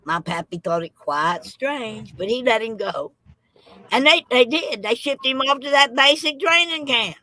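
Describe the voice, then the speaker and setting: A woman spins a comic tall tale in a drawling, folksy style, her delivery lively and full of rural turns of phrase. Her voice sounds bright and forceful. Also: fairly high pitch, a little slow, rough recording. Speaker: storyteller.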